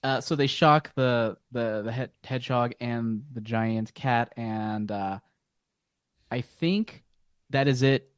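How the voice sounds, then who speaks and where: A man's voice: mid-range voice, slow, no echo. An easygoing man talks through a comic panel, thinking aloud in a middle register. His voice is dry and close, with no room sound around it. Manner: easygoing, musing, with many fillers. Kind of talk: casual podcast chat.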